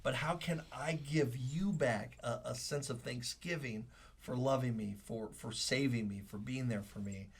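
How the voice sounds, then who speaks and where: A man's voice: medium pitch, a little slow, husky. A man in his thirties, a pastor co-hosting a podcast, talking earnestly and emotionally with many fillers. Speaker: pastor, co-host. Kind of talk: casual podcast talk, preaching.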